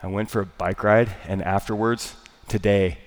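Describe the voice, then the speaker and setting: A man with a hoarse, smoker-like rasp preaching a sermon, lively and emphatic, repeating key phrases. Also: fairly low pitch, moderate pace, big-room sound.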